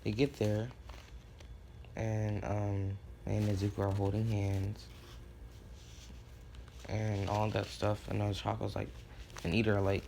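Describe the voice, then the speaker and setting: Gravelly man rambling through a made-up story. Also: lowish voice, monotone, measured pace, long pauses, dark tone, a little hiss or hum. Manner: rambling, many fillers and restarts. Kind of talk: improvised fan-fiction storytelling.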